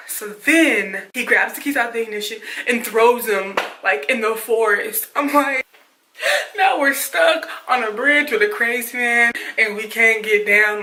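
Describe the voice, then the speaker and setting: A woman vlogger telling a dramatic story casually, in an animated way with lots of fillers. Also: on the high side, measured pace, reverberant, poor audio.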